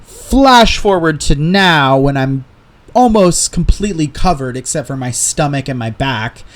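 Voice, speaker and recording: A man's voice: fairly high pitch, animated, measured pace. Man swearing through candid stories. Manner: candid storytelling, heavy swearing. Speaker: podcast host. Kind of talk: casual solo chat.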